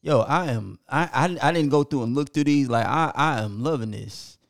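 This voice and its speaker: A podcast co-host with a medium-pitched, gravelly voice casually reads out listener locations at normal speed, apologizing when he stumbles over foreign names. The sound is clean studio quality with no room sound.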